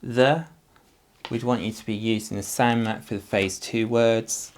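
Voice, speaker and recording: A man teaching a phonics lesson to parents, speaking slowly and patiently as he sounds out words and syllables. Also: fairly low pitch, fairly even intonation, a little hiss or hum.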